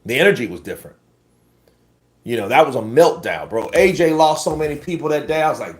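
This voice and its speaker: A man's voice: a little high, animated, moderate pace, pauses often. Blunt, profane boxing commentator man. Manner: profane, blunt, laughing, addresses the chat as bro. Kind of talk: casual livestream commentary.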